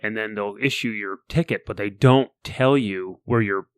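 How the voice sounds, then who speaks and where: A man from the United States with a somewhat low voice co-hosts a casual podcast. He tells a long story at an unhurried ramble, often doubling his first words. The sound is dry and close to the mic. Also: clean tone, no echo. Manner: rambling storyteller, repeats words when starting sentences. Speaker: podcast co-host. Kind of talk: casual chat.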